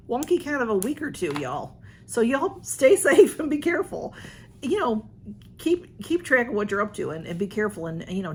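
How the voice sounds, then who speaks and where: A talkative older woman with a drawl tells a long story to her channel viewers, laughing often and circling back on herself. Her voice sits at a middle pitch. A faint hiss of background noise runs under the recording. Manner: rambling, laughs often, many restarts. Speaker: YouTube channel host. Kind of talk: casual chat to viewers.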